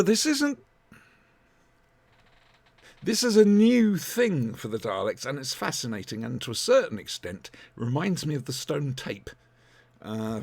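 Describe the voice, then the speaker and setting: This man hosts a podcast in a loose, rambling way, with plenty of ums and restarts. His voice is gravelly, and his pitch moves a lot as he talks, rising and falling in lively swings. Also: dry recording. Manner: rambling, animated, many ums. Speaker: podcast host. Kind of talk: casual chat review.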